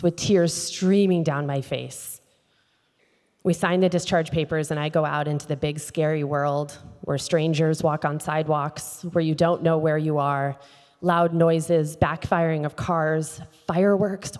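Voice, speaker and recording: A woman giving an inspirational speech on a conference stage, telling a personal story with expressive delivery and acting out the dialogue. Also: low-pitched, unhurried. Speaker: keynote speaker. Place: conference stage in a large hall. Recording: long hall reverb.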